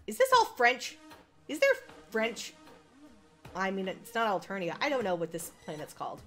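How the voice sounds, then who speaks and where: A woman's voice: medium pitch, wildly swooping pitch, normal speed, long pauses, fairly bright tone, faint music behind. A young woman streaming a visual novel, chatting casually and reading the text aloud, rambling and laughing at herself. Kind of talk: casual let's-play chat and reading aloud.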